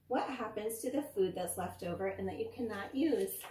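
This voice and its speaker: A cheerful, enthusiastic dentist explains things emphatically, with bright exclamations, as a woman reading a storybook puts him on. The voice rings in a roomy space and sounds set back from the mic. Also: medium pitch, moderate pace, slight background noise, lightly acted. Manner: emphatic, exclaiming teacherly delivery. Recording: roomy, from a distance.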